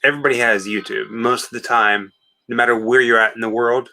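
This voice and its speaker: A man hosting a late-night watch party, joking and playful as he talks to viewers. His voice sits at an ordinary pitch with a bright edge. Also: fairly even intonation, fast, creaky. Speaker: host. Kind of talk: casual chat.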